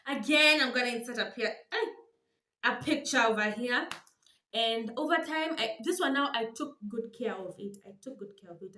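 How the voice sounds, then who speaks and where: A young Kenyan woman telling a dramatic, animated storytime for her vlog, switching languages with laughing asides. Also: fairly high pitch, reverberant. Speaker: vlogger.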